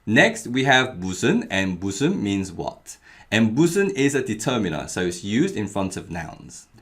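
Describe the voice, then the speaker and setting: A young adult man giving a clearly paced, scripted language lesson, repeating each example phrase carefully. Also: lowish voice, big pitch swings, a little fast, a bit bright. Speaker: Korean language teacher.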